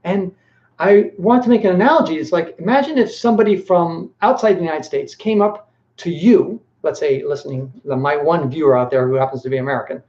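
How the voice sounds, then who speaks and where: A man hosting a casual live-stream Q&A, rambling and animated, with lots of filler words. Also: fairly high pitch, a little fast. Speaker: host. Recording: echoey room, dull lo-fi sound.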